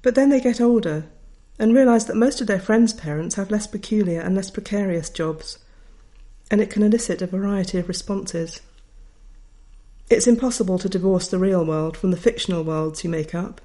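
A woman's voice: mid-range voice, moderate pace, mellow. Writer lady reading her memoir, wry and thoughtful, middle aged. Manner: wry, reflective storytelling. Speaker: author. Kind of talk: reading a personal memoir aloud.

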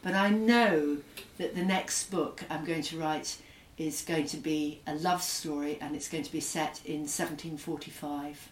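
A middle-aged woman with an English accent reflects in an interview, pausing and searching for words. Her voice sits fairly low. The recording is roomy and she sounds a little distant from the microphone. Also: steady tone, slight background noise. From Scotland. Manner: thoughtful, hesitant, with frequent fillers. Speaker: author, guest.

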